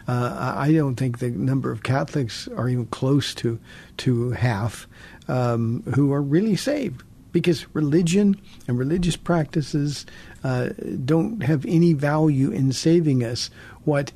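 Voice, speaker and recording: Gravelly, earnest radio pastor. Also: male voice, mid-range voice, mellow. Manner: earnest, repeats words as he restarts. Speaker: radio pastor and call-in host. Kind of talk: call-in radio Bible teaching.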